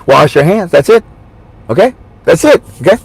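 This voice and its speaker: A man giving rambling political commentary to his viewers, animated and jumping between mock voices and asides. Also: on the high side, moderate pace, creaky, slightly rough. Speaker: commentary vlogger.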